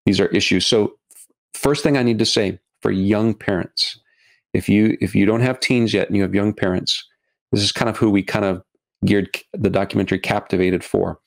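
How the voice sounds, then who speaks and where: Middle-aged male guest, low gravelly voice, earnest, halting, repeats words. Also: fairly even intonation. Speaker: guest, documentary filmmaker. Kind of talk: podcast interview.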